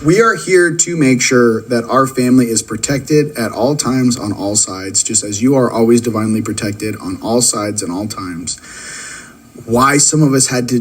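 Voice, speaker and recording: A man hosting a livestream, mixing spiritual talk with excitable, laughing shout-outs to viewers' locations. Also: medium pitch, poor audio. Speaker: livestream host.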